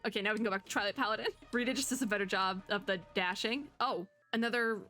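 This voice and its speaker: Chatty young female streamer, bright voice, faint game music behind. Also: medium pitch, fairly even intonation, fast. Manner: chatty, thinks out loud, reads game text aloud. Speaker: VTuber gamer. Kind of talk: casual gameplay commentary.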